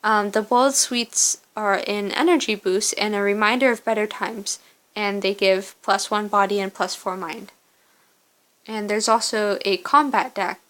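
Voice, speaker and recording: Woman, reading a story game aloud, steady narration, casual asides, mid-range pitch.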